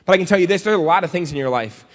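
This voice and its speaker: A man with a high, bright voice speaks at a quick clip in a motivational keynote to young people. He jokes and acts out little scenes as he goes. His words ring with a long reverb from a large convention hall. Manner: joking, animated storyteller who acts out scenes. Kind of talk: comedic keynote speech to students.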